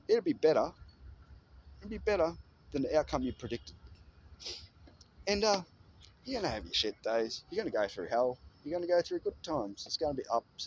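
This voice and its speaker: A man in casual motivational storytelling, animated and freely swearing. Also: fairly high pitch, lo-fi sound, a little hiss or hum.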